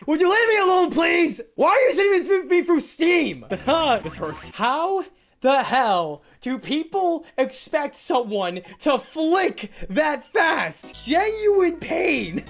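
Animated woman, lively gameplay commentary. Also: high-pitched, slow pace, faint music behind. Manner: animated, self-mocking, swings between groans and cheers. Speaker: gaming YouTuber.

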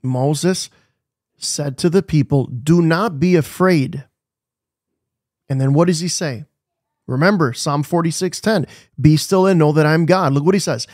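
A man's voice: a little high, measured pace, pauses often, darkish tone, dry recording, clean studio sound. A man preaching a devotional sermon, asking the listeners questions and repeating his key phrases with emphasis.

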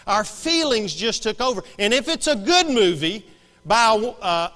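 Bright-voiced preacher with dramatic swings. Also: male voice, high voice, big-room sound. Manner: dramatic swings from hushed to shouting. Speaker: pastor. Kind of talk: sermon. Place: church sanctuary.

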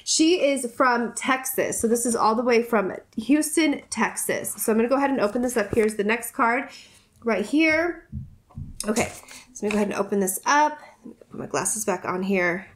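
An American woman YouTuber opens viewer mail in a casual vlog, gushing effusively and repeating herself in a soft, rambling way with many fillers. Her voice is fairly high at normal speed, with slight background noise.

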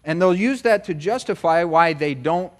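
With a slightly high voice, lively intonation and normal speed, a middle-aged man from the United States delivers a conversational sermon as pastor. Along the way he frequently slips into short impressions of other people's voices.

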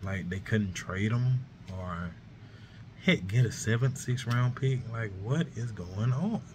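A man doing a casual sports vlog, sounding baffled and repeatedly asking what is going on, his voice too worn for his usual high greeting. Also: takes it slowly, noisy background. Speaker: sports vlogger.

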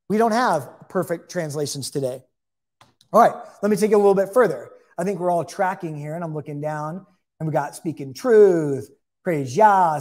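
A man's voice: high-pitched, a little mellow. A man teaching an informal Bible lesson to camera, conversational, with chatty asides and repeated phrases.

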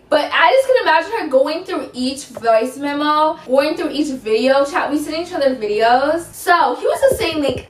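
High-voiced woman in an echoey room. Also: recorded from a distance. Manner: animated, outspoken, slangy, acts out quotes. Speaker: vlogger. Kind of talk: storytime vlog. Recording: roomy echo, away from mic.

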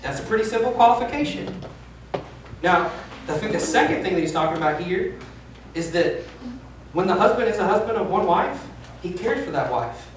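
A man's voice: high voice, animated, fairly quick. A pastor in his thirties preaching with candid, emphatic, self-deprecating honesty. His voice rings around a large, echoey church space. He sounds picked up from some distance, with faint room hiss underneath. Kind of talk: sermon. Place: church sanctuary.

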